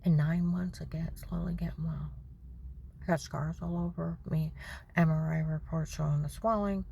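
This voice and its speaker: A woman vents in a rambling, indignant personal monologue. Her voice is low and gravelly, and she often sinks to a whisper. Faint background noise runs under the recording. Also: fairly even intonation, moderate pace, warm tone. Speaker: vlogger.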